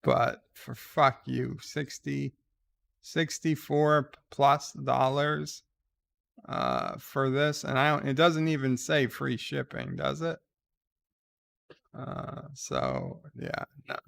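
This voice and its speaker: A man's voice: mid-range voice, fairly even intonation, takes it slowly, gravelly, a bit bright. A man hosting a casual live stream, reading viewer letters aloud and ranting crudely, with lots of fillers and restarts. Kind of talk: casual rambling chat.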